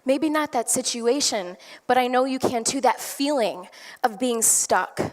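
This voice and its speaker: A woman's voice: fairly high pitch, lively intonation, measured pace. A woman telling an enthusiastic, chatty story as a motivational speaker on stage before a live audience. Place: stage in a large hall. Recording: long hall reverb.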